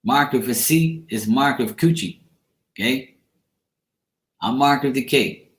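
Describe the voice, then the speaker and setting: Guy rambling to his stream chat, mid pitch, echoey room. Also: a little slow, fairly bright tone. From Bermuda. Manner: rambling, chatty, answers chat comments by name. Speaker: tarot reader on a live stream. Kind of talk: casual chat with live viewers.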